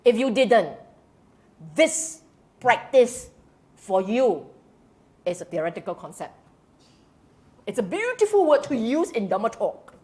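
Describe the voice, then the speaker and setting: With a fairly high voice, a measured pace, and long pauses, a woman gives a Buddhist Dhamma talk in Singaporean-accented English. She quizzes the congregation animatedly, laughs, and uses colloquial particles throughout.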